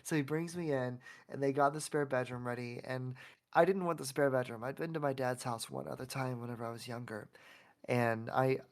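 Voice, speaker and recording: Male podcast guest from Oklahoma, mid-pitched voice; rambling, heartfelt storyteller. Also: steady tone, brisk. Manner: rambling, heartfelt, many restarts. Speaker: podcast guest, self-love coach. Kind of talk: emotional personal storytelling.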